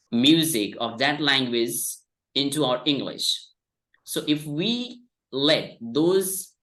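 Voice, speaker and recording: Slow, patient male English teacher. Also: medium pitch, sharp tone. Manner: slow, patient explaining with frequent "all right". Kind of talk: online class Q&A. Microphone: video call.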